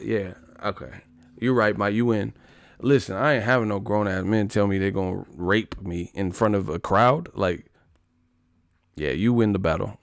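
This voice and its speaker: A man's voice: on the low side, normal speed, vocal fry, no room sound. A man hosting a livestream, rambling profanely about boxing in casual talk, often laughing. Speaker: livestream host.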